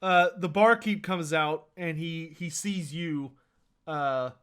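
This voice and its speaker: A man as game master narrating a tabletop role-playing game in a lively, descriptive way. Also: fairly high pitch, takes it slowly, clean tone.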